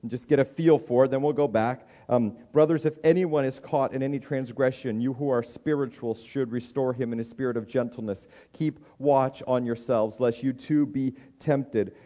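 Middle-aged male pastor, conversational sermon delivery, mid-pitched voice, stumbles and repeats words. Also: fairly even intonation, normal speed, hardly any pauses, mellow. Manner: acts out inner voices in a higher pitch.

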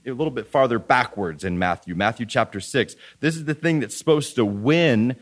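A man's voice: medium pitch, moderate pace, hardly any pauses. Guy preaching a sermon, earnest, keeps restarting lines, reads bible verses out. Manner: earnest, repeats and restarts phrases, reads scripture aloud.

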